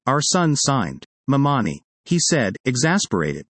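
Lively man reading an article aloud. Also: mid-range voice, unhurried, hardly any pauses, no room sound. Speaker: reader.

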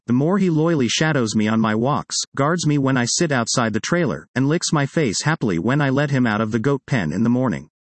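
A man's voice: mid-range voice, dry recording. A man reading his personal essay aloud in a wry, conversational way, close to the mic.

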